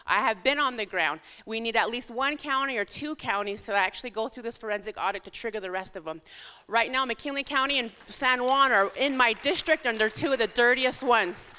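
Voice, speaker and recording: A woman's voice: fairly high pitch, bright, forceful tone, clean tone. A woman giving an impassioned, urgent campaign speech at a town hall in a church hall. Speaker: political candidate. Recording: echoey hall with long reverb.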